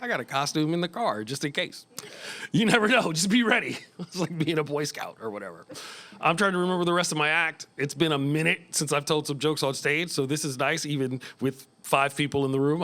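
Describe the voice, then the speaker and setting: A man's voice: on the high side, brisk, pushed and bright. A man in his fifties from Northern California doing loose, profane live stand-up comedy in a small club, chuckling at his own jokes. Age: 50s.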